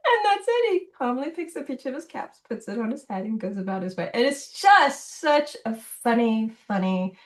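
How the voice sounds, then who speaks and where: Animated, laughing woman storyteller. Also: on the high side, moderate pace. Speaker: children's book illustrator, guest. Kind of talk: casual interview chat.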